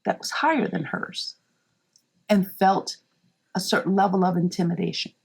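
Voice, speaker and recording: A woman's voice: on the low side, moderate pace, vocal fry, breathy edge. A woman guest speaking candidly and emphatically, acting out other people's lines in raised voices as she tells a work story. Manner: animated, acts out quotes in raised voices; emphatic, frequent "right?" and "you know". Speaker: podcast guest, marketing leader.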